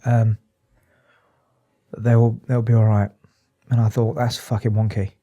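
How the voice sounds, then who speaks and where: Earnest man, dark-toned voice. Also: fairly low pitch, flat delivery, lo-fi sound. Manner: earnest, emotional, halting with restarts. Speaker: psychotherapist and addiction specialist, guest. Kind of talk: candid interview talk.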